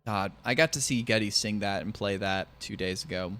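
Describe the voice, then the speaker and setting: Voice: deep voice, fairly quick, a bit bright, clear, resonant tone. A streamer chatting casually during a speedrun, swearing now and then and breaking into joking song. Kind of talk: casual chat while speedrunning. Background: game music.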